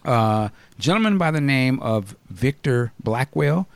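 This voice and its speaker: A male podcast host chatting casually with his co-hosts. He talks in a blunt, animated way, often laughing and asking questions. His voice sits in a middle range and is recorded dry and close, with no room echo. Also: medium pitch, measured pace. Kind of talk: casual chat.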